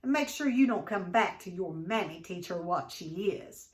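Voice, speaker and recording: A woman's voice: lowish voice, lively intonation, normal speed, echoey room, close to an everyday voice. A woman voicing a harsh, hateful shopkeeper. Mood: hostile. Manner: harsh, clipped, forceful. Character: hostile, contemptuous middle-aged male shopkeeper.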